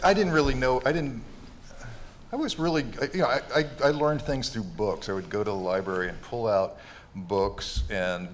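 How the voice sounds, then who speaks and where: A man, a comics artist on a convention panel, reminiscing with halting, restarted sentences. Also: on the low side, a little hiss or hum. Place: convention stage before an audience.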